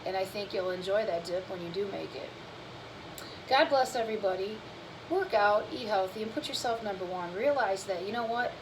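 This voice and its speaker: Hosting her own cooking channel, a tired, yawning woman talks at normal speed in a mid-range voice amid background noise. Her casual, candid chat with viewers rambles through fitness and feelings.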